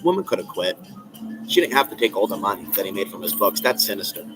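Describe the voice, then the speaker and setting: A man's voice: low voice, lively intonation, fairly quick, noisy background. A man hosting a live stream, ranting in an agitated, rambling, repetitive way from a coffee shop. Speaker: channel host.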